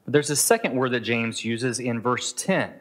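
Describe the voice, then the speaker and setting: A man's voice: mid-range voice, normal speed, fairly bright tone. Earnest middle-aged man preaching a sermon. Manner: earnest, conversational, acts out inner voices. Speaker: pastor. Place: Southeast Asia.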